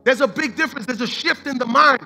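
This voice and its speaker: High, gravelly, bright-voiced preacher man. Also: fast, faint music behind. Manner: fervent, repetitive street-slang preaching. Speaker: pastor. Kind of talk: sermon.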